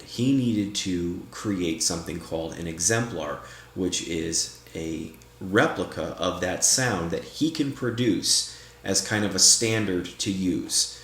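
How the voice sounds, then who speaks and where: A man doing paranormal vlog narration, speaking slowly and deliberately and calling out to unseen guides. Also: low-pitched, fairly bright tone. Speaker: paranormal investigator. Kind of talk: vlog narration and spirit session. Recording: echoey room.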